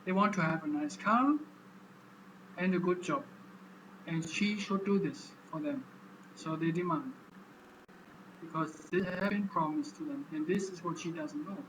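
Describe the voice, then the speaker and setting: A man vlogging in a casual monologue, speaking haltingly and repeating words as he explains. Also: a little high, noisy background.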